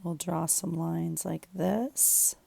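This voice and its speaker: Deep, gravelly woman chatting while crafting. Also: fairly even intonation, takes it slowly, warm tone, no echo. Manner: rambling, thinks aloud while working. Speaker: journaling vlogger. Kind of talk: casual chat while crafting. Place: home craft room.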